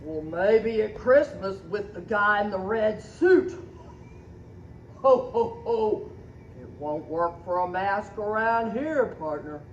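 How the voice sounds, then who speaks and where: Woman, playful skit host, slow and drawn out, echoey dull sound. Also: medium pitch. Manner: animated, teasing, talks to stuffed toys. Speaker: community video host. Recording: echoey, dull, faint background noise.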